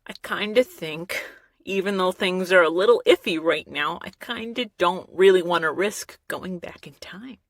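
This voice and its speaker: A woman hosting a casual solo podcast, catching listeners up in an animated, laughing way. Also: lowish voice, moderate pace, hardly any pauses, no room sound, clean studio sound. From half Mexican. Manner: animated storytelling with frequent laughs. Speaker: podcast host. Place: small recording studio. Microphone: studio microphone.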